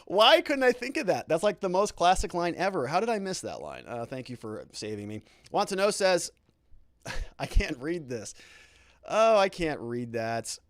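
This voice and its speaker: A man's voice: on the high side, moderate pace, no room sound, clean studio sound. Fired-up male host reading chat. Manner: animated, indignant, sarcastic asides. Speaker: lawyer and show host. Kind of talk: live commentary reading viewer chat.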